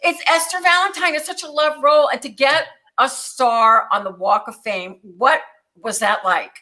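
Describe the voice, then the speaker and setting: Bright-voiced effusive woman host. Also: high voice. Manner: effusive, rapid questions with restarts. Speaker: talk show host. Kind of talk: casual interview.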